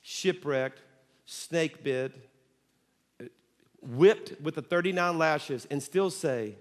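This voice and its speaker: A man preaching a sermon to his church, animated and emphatic, swinging from loud bursts to quiet, intimate lines. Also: a little high, slow pace, long reverb tail. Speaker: pastor. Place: church sanctuary.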